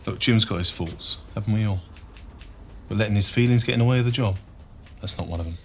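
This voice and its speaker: A man plays a matter-of-fact policeman in a TV drama, backing up a colleague. His voice sits low and he talks quickly. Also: slight background noise, natural voice. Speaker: police officer.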